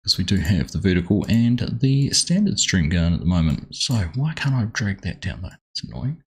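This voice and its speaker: A deep-voiced Australian man with a husky edge to his voice, streaming a game live from home. He chats in a loose, rambling way and greets viewers by name as he goes. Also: big pitch swings, normal speed, darkish tone. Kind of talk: casual live-stream chat.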